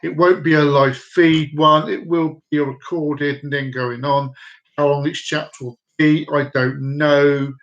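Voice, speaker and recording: A man's voice: a little high, flat delivery, unhurried, fairly bright tone, dull audio. A man hosting a casual live stream at home, telling bad jokes in a rambling, repetitive way. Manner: jokey, rambling, repeats himself. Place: downstairs room at home with dogs.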